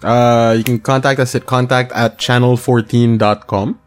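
A man's voice: medium pitch, steady tone, normal speed, faint music behind. A man co-hosting a casual podcast, chatting loosely and spelling out web and email addresses. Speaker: podcast co-host.

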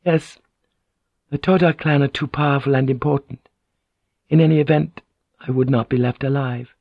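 A man voicing a soft-spoken noblewoman. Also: mid-range voice, steady tone, normal speed, gravelly, no echo, lo-fi sound, voice pushed up. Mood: gentle. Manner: soft, apologetic, courteous. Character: Japanese noblewoman, gentle and formally polite.

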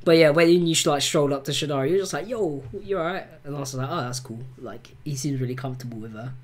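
A man's voice: medium pitch, fast. Man rambling through a casual chat. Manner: rambling, filler-heavy storytelling with lots of "like". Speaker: podcast co-host.

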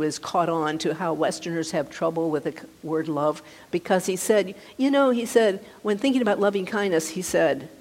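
Gentle woman meditation teacher, reverberant hall. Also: fairly low pitch. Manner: gentle, conversational, with frequent restarts. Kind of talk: dharma talk.

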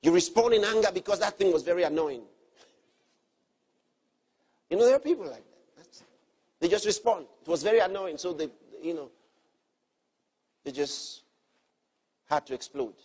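A man preaching a sermon, earnestly teaching and repeating key phrases, moving between soft, quiet lines and emphatic ones. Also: high-pitched, expressive, moderate pace, long pauses, breathy edge.

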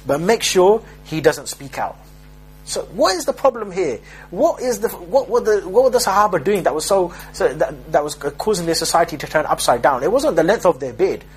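Emphatic preacher, higher-pitched man. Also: expressive, brisk, husky, low-quality recording. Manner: emphatic, street-style preaching with frequent restarts. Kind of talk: sermon.

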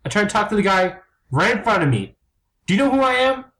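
A man doing a comic impression of a furious, profane celebrity actor who yells and rants. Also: extremely high pitch, little pitch movement, normal speed, gravelly, roomy sound, voice pushed up, full character voice. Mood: enraged. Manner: explosive, profane yelling.

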